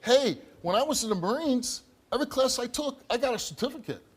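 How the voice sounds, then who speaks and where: Lively high-voiced man grilling a guest. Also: a little fast, slightly rough. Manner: pressing, keeps asking "right?". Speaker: talk show host. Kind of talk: confrontational questioning.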